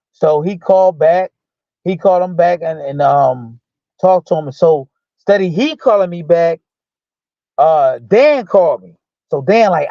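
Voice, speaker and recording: Storytelling ex-boxer, higher-pitched man. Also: normal speed, no echo. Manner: animated retelling that acts out quoted dialogue; loose speech with many restarts and fillers. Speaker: guest, former boxer. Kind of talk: casual storytelling. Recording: dull lo-fi dry sound.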